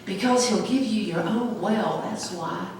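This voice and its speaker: A woman's voice: mid-range voice, measured pace, a little mellow, a little hiss or hum. A woman pastor preaching a sermon with emphatic call-and-response. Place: church sanctuary. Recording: echoey church from far off.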